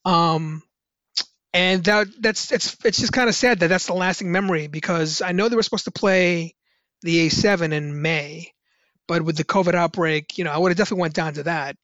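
A man's voice: high voice, brisk, a bit bright, no echo, muffled recording. A man, a musician, telling rambling casual stories with lots of fillers and restarts. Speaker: musician guest on a podcast. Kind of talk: casual anecdotal storytelling.

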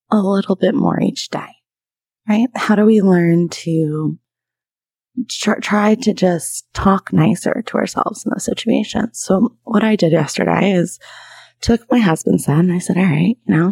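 A woman's voice: mid-range voice, vocal fry, a little mellow, husky, no room sound. A woman in her thirties hosting a podcast as a trauma therapist, talking candidly and chattily with frequent laughs. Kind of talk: casual solo podcast talk.

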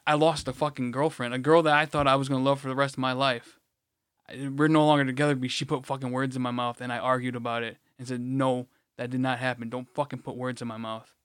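A man's voice: medium pitch, fairly even intonation, brisk, fairly bright tone, clean tone, dry recording, studio quality. A man co-hosting a podcast, telling stories in a profane, ranting way. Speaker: podcast co-host. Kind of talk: casual chat.

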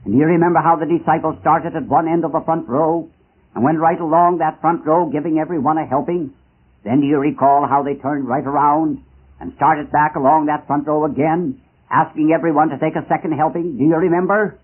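A man delivers a fervent missionary sermon, his voice a little higher than most and husky at the edges. He drives home rhetorical questions and slows down for emphatic pauses. The sound is thin and narrow, like an old archival recording. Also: fairly even intonation. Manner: impassioned, dramatic, with rising rhetorical questions and slow emphatic pauses. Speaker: preacher.

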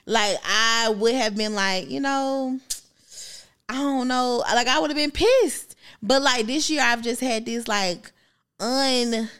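A woman in her thirties chatting on a podcast couch. Her voice sits a little high, and she talks in long rambling runs full of filler words. The tone stays easygoing and conversational. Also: takes it slowly, fairly bright tone, clean tone. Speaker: podcast co-host. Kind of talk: casual chat.

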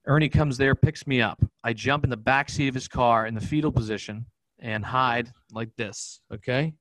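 A man, a podcast guest, telling a personal story in a rapid, profane, vivid way. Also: medium pitch, a bit bright, no echo, rough recording. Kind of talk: candid storytelling in an interview.

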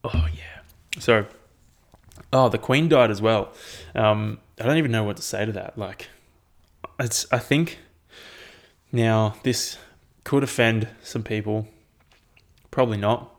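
Young man, casual rambling host, swears freely, gravelly and a bit low. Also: slow, long pauses. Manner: rambling and profane, with frequent ums. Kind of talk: casual chat.

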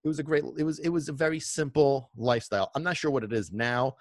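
A middle-aged man casually telling stories from his past in a rambling, animated way, with many restarts. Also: mid-range voice, quick pace, no echo, studio quality. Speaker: vlogger. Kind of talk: casual nostalgic storytelling.

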